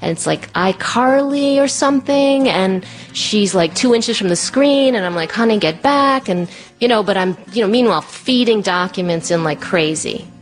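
A woman telling a personal story in a chatty way, full of "like" and "you know", jumping up high when she acts out voices. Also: moderate pace, hardly any pauses, faint music behind. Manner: lively, acts out quoted voices in a much higher pitch.

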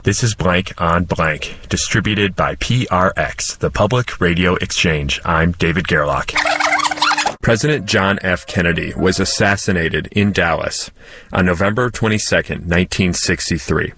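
Low-voiced male radio host, measured. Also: heavy background noise. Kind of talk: scripted radio introduction.

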